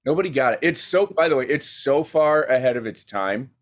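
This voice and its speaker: Animated man pitching a story. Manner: animated, rapid bursts, many "like" fillers. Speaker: guest filmmaker. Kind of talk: casual podcast storytelling.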